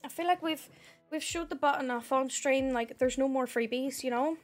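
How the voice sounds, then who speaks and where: Young Northern Irish woman, high voice, friendly live-stream chatter; faint music under her. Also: normal speed. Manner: chatty, thanks viewers by name, says "heck". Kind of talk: casual live-stream chat.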